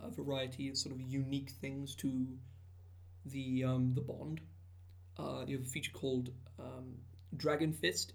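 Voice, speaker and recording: Gravelly man chatting casually. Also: mid-range voice, fairly bright tone. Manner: rambling, many fillers and restarts. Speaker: podcast co-host. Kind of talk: casual chat about tabletop game content.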